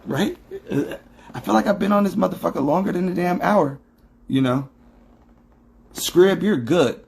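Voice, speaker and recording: A man's voice: sits high, moderate pace, gravelly, a little mellow, a little hiss or hum. A man hosting a livestream, talking in a profane, emphatic, preachy monologue into his phone. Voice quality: heavy swearing, emphatic and preachy. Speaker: livestream host.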